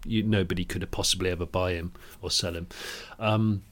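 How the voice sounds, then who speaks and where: A man's voice: sits low, fairly even intonation, brisk, fairly bright tone. A man co-hosting a podcast, riffing playfully in casual comedic chat and laughing often. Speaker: podcast co-host.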